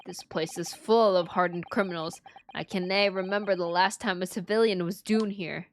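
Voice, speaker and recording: A woman putting on a gruff Scottish prison governor. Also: lowish voice, fairly even intonation, normal speed, faint music behind, close to an everyday voice. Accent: put-on Scottish. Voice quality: brusque, threatening.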